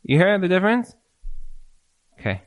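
Leading a marriage lecture, this man fields audience questions in a sing-song voice that sits high, at a moderate pace. He's earnest and repetitive, often performing the words of quoted spouses.

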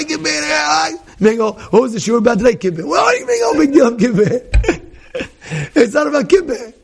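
A male rabbi teaches with energy, circling back to repeat his points and slipping into voices for the characters he describes. His voice is high for a man, with a gravelly, husky grain. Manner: animated, repeats phrases, acts out quoted people. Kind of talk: lively Torah class to a small group.

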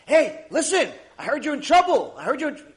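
Man doing a high excited friend, gushing, fast-talking, eager advocate.

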